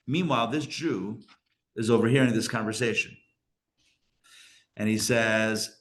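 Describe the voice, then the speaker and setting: A man, a rabbi, telling a story in a casual live class, chatty and acting out the characters' lines with lively jumps in his voice. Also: medium pitch, measured pace, pauses often. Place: live class in a community center.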